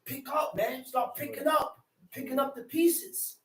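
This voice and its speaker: High-voiced preacher shouting in an echoey hall. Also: male voice, steady tone. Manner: impassioned, shouting bursts, drawn-out definitions; casual street speech, calls listeners "man". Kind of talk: sermon. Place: worship hall. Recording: echoey room, mic far off.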